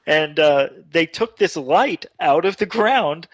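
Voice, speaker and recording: A man telling a long personal story on a talk show, getting animated and louder as it builds. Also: fairly high pitch, slow pace, few pauses, no room sound. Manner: animated, excited retelling with rising voice. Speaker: radio show guest. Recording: dull dry online radio audio.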